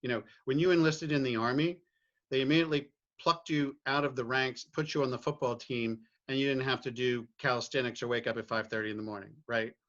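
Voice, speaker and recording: A man's voice: medium pitch, fairly even intonation, fairly quick, a bit bright, dull audio. A middle-aged man from Virginia, a podcast guest speaking candidly and reflectively about his family and his views, often restarting his phrases and checking in with "right?". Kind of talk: candid personal conversation.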